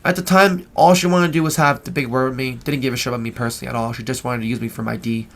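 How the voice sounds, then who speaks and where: Racing along in a medium-pitched, somewhat bright voice with fairly even intonation, a gaming video host tells a long, rambling story over gameplay. He swears freely and keeps ending sentences with "right?"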